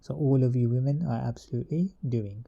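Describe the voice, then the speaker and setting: Guy going through a grammar table step by step, really dark mellow voice, kinda dull lo-fi sound. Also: medium pitch, fairly quick, creaky. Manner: methodical, repetitive teaching. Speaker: Arabic grammar teacher. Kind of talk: explaining a grammar table, with fillers and restarts.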